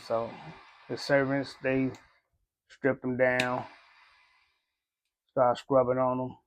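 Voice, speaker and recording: A man's voice: medium pitch, completely flat delivery, takes it slowly, slight background noise. A man giving a laid-back, conversational cigar review, often saying "you know". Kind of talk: casual review talk.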